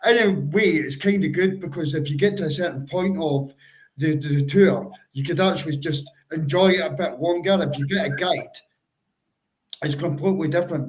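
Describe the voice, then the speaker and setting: A man's voice: a little high, low-quality recording. A man co-hosting a fan livestream, chatting casually and giving step-by-step advice in a stop-start way. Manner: calls listeners bro. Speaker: co-host of a football fan livestream. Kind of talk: casual chat.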